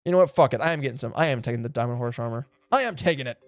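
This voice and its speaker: A man streaming a game live, chatting casually and excitably, swearing and laughing often, and cooing at the animals he meets. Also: mid-range voice, no echo, studio quality. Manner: coos affectionately at in-game animals. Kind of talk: casual live gameplay commentary.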